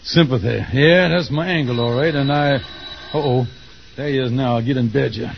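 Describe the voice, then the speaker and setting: An actor playing a scheming, smooth-talking con man who groans theatrically in 1940s radio acting, on a dull old radio broadcast. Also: medium pitch, normal speed, slight background noise, lightly acted.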